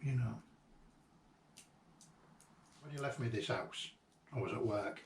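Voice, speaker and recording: A man reminiscing casually about a late friend, halting and reflective, with frequent ums and restarts. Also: fairly low pitch. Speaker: vlogger remembering a late friend. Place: at the friend's old house and garden. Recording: roomy echo, distant mic, faint ambient noise.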